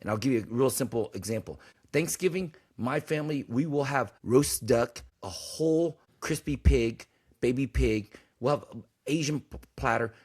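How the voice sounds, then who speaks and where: A man's voice: medium pitch, normal speed, a little mellow, breathy edge. A man hosting a podcast in casual talk, blunt and emphatic, preaching his points and swearing freely. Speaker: podcast host.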